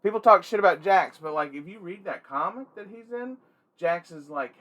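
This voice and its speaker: A man hosting a casual toy-collecting vlog, rambling and swearing freely with excitable energy. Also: sits high, normal speed. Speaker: toy collector and channel host.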